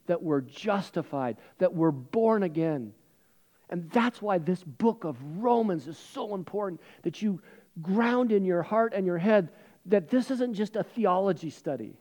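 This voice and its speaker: Here a middle-aged pastor uses his sermon to tell a personal story, rambling chattily with many fillers and making jokes at his own expense. His voice is high, and he sinks to a hushed tone whenever the moment turns serious.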